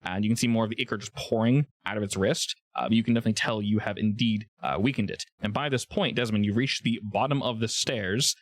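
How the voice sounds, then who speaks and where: Low-voiced male game master. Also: fast, hardly any pauses, dry recording. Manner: casual, explains rules with many fillers. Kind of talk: narrating a tabletop game.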